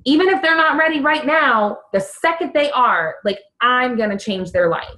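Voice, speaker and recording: A young adult woman coaching her team on a call, earnest and animated, with quick bursts and lots of "like". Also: sits high, rough recording. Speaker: fitness coach.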